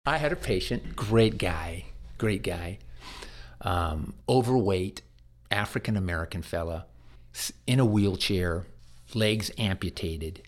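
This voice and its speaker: Earnest, halting lower-voiced man. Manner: earnest, halting, repeats words. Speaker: hospice chaplain. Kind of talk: conversational interview storytelling.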